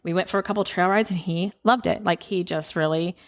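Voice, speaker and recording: A woman's voice: fairly low pitch, a little fast. A woman telling a casual story as a podcast guest, chatty and full of "like" fillers, laughing often. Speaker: podcast guest, horse farm owner. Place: farm porch.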